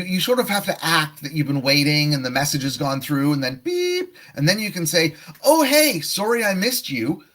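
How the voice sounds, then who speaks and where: A man's voice: mid-range voice, fairly bright tone. A man teaching a live online test prep lesson, explaining tasks and acting out sample answers. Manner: explanatory, demonstrative.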